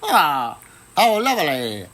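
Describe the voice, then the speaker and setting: A man voicing a cunning male wolf who fakes a frail grandmother's voice, in a croaky, squeaky tone. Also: huge pitch swings, slow pace, pushed and bright, full character voice. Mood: sly, wheedling.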